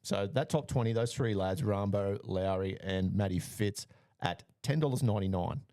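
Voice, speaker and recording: A man co-hosting a casual podcast, running through names and betting odds in a relaxed way with frequent fillers. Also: fairly low pitch, moderate pace, no room sound, clean studio sound. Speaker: podcast co-host giving betting picks.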